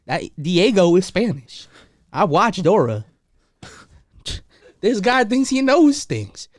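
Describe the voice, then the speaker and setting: High, lively man joking on a podcast. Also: slow pace, no echo, studio quality. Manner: teasing, profane, mock-angry outbursts. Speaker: podcast co-host. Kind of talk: joking casual chat.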